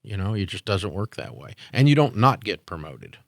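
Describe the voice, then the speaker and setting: A man's voice: on the low side, big pitch swings, normal speed, dry recording, studio quality. A man in his sixties, a business owner answering interview questions in a blunt, opinionated way with frequent fillers.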